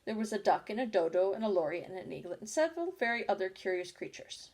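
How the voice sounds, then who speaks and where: A woman reads a storybook chapter aloud at an unhurried pace. Her voice sits at an ordinary middle pitch, and she now and then stumbles on a word and corrects herself. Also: big pitch swings, a little mellow. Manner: unhurried, with small slips and self-corrections. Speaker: audiobook reader. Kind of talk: storybook reading.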